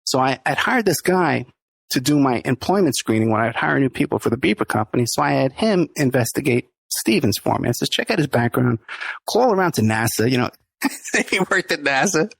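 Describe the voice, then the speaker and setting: Man, middle-aged, host, casual anecdote, husky voice, lively swooping pitch. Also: brisk, no echo. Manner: animated storyteller, laughs often, acts out quotes. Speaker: podcast host telling a story.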